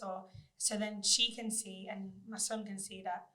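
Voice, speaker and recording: A woman's voice: mid-range voice, unhurried. A young woman, a mother, talking candidly and reflectively in a casual podcast chat. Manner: candid, reflective, flat-toned. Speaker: podcast guest.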